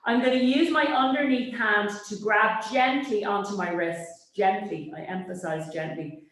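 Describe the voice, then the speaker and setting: A woman instructor talks a class through a Pilates workout, her cues brisk and encouraging. She often checks in with a quick "yes?". The studio is very echoey. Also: medium pitch, a bit bright. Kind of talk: cueing an exercise class. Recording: very echoey room.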